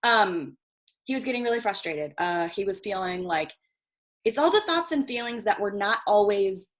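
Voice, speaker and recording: A chatty woman teaches a marketing workshop over a video call, in a middling voice. She swears casually and keeps checking in with her listeners with a quick "okay?". Her tone is loose and unscripted, like a relaxed online class. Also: medium pitch. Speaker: guest marketing coach.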